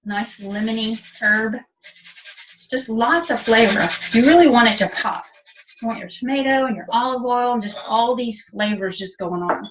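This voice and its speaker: In a kitchen, a woman leads a step-by-step cooking demo in a chatty, practical manner, speaking at normal speed in a slightly high voice. Slight background noise accompanies the distant, dull webinar recording. She is a cooking instructor.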